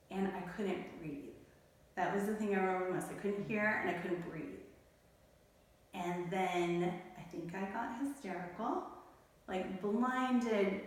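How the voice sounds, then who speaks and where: A middle-aged woman telling a personal story as an interview guest, in a candid, emotional, tumbling way. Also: medium pitch. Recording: echoey room, mic at a distance.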